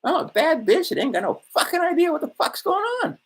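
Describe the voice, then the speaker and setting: Guy putting on a squeaky sassy lady voice, cussing, mocking. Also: sing-song, brisk. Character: sassy mocking working woman caricature.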